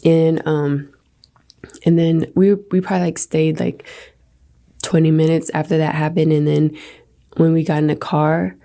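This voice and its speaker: A woman's voice: sits low, little pitch movement, a little slow, creaky, pauses often, dark tone. A woman being interviewed, telling her story hesitantly with many fillers. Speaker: interview subject recounting an experience. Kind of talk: recorded interview.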